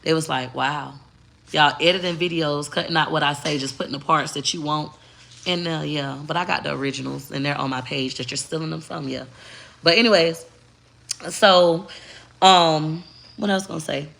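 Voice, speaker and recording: A woman's voice: sits low, moderate pace, gravelly, fairly bright tone. A middle-aged woman vlogging in brash, emphatic casual talk, repeating her points.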